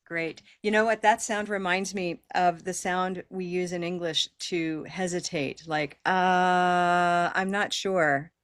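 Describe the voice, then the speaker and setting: Woman, pronunciation teacher on a video call; patient, encouraging, lowish pitch, dry sound. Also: fairly even intonation, slow pace, hardly any pauses, fairly bright tone, no room sound. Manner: patient, encouraging, models long held vowels. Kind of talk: online class teaching.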